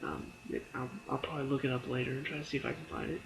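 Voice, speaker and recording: Music plays behind a very animated, very fast-talking man with a gravelly, medium-pitched voice, captured in a low-quality recording. He casually reviews a TV episode in a chatty, filler-filled way, bursting into laughs and briefly voicing characters' quoted lines as he retells scenes.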